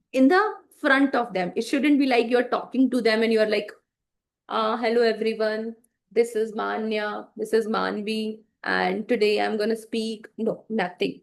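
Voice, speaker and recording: A woman teacher giving an online class lecture, explaining with frequent fillers and check-in questions and acting out bad examples to demonstrate. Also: fairly high pitch.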